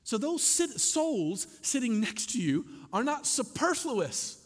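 A man preaching a sermon to his congregation as pastor, animated, with wry asides. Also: very high voice, takes it slowly. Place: church sanctuary. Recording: long hall reverb.

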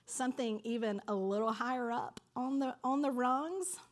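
A woman putting on the hushed, sly voice of a scheming priest in a Bible retelling. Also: on the high side, moderate pace, lightly acted.

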